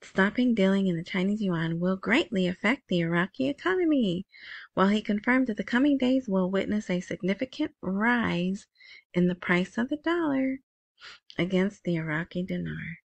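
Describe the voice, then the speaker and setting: A woman hosts a currency news show with a mid-range voice, lively intonation and a bit of vocal fry, moving at a moderate pace with no echo. She reads headlines aloud, then adds chatty asides, giving casual commentary on the news articles.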